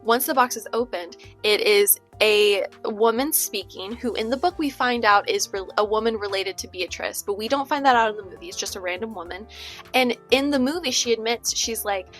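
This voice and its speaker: A woman's voice: on the high side, moderate pace, a bit bright. A woman talking casually in a book vlog, chatty, with many fillers and asides like "okay?". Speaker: book vlogger. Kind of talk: casual chat. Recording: faint music under the voice.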